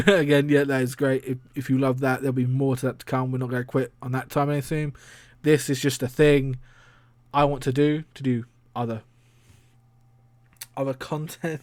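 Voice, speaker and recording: This man, a streamer and podcast host, speaks at a medium pitch and moderate pace in a level tone, with no echo in the recording. He rambles chattily through a casual solo stream, laughing often and swearing offhandedly.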